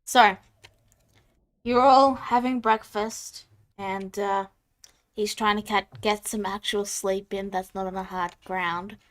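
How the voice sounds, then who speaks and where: A woman acting as game master, narrating scenes and prompting the players in a relaxed way. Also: mid-range voice, slow.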